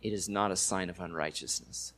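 A man's voice: low voice, brisk, a bit bright. A man preaching a sermon in a casual, conversational way, using everyday slang and rising with emphasis on key points. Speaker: pastor.

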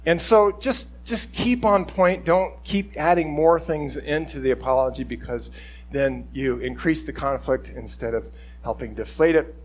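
Middle-aged male pastor, higher-pitched, chatty rambling sermon delivery. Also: measured pace. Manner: conversational, rambling, acts out quoted speech. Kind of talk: informal sermon teaching.

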